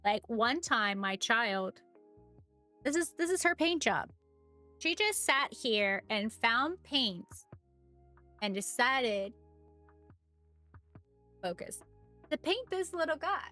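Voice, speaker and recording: A woman's voice: fairly high pitch, animated, slow, pauses often, sharp tone, faint music behind. A woman chatting casually on a live stream as she paints miniatures, greeting viewers by name and laughing often.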